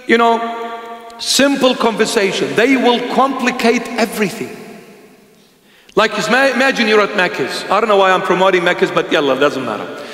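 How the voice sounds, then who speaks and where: A man's voice: high voice, a little slow, long pauses, fairly bright tone, echoey room, big-room sound. A man preaching a humorous sermon to young people, teasing his listeners and chuckling between points.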